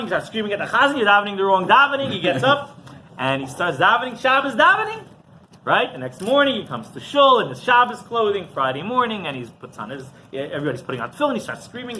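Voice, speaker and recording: A rabbi telling a story in a class, with quick asides and questions to a live audience. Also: male voice, high voice, sharp tone, a little hiss or hum.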